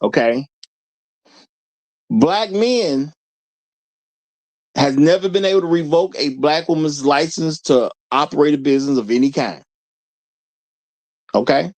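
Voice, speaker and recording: This male stream host is lively and laughs a lot, speaking at a fairly high pitch, a little slowly, with long pauses. In his casual live-stream commentary, he repeats lines for emphasis and throws rhetorical questions at the audience.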